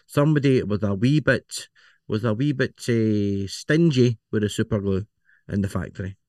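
A man's voice: on the low side, moderate pace, a little mellow, no room sound, clean studio sound. A man with a Scottish accent, co-hosting a casual podcast chat and rambling, often repeating words as he thinks. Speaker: podcast co-host.

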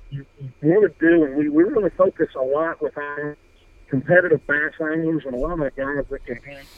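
A man's voice: on the high side, no room sound, narrow, tinny audio. A man, co-founder of a fishing apparel brand, talking casually in a radio interview, rambling with many fillers and restarts.

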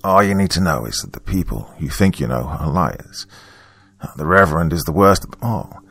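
Bitter raspy estranged mother, a man reading her. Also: sits low, animated, normal speed, fairly bright tone, dry recording, exaggerated voice. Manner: scornful and urgent.

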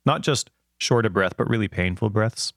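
A man in his thirties, co-hosting a casual chat and telling rambling, animated stories with lots of fillers. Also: fairly low pitch, moderate pace, creaky, no room sound, clean studio sound. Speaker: podcast co-host.

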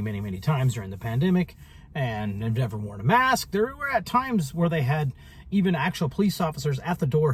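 Man, lively up-and-down voice, husky, casual sarcastic vlog storytelling. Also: mid-range voice. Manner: rambling, sarcastic, full of fillers and restarts. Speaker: vlogger.

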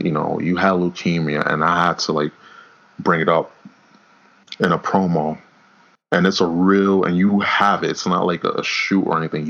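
A man's voice: deep voice, vocal fry, fairly bright tone. A man co-hosting a casual wrestling podcast, rambling, repeating words and swearing as he goes. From New York. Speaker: podcast co-host. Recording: dull lo-fi audio.

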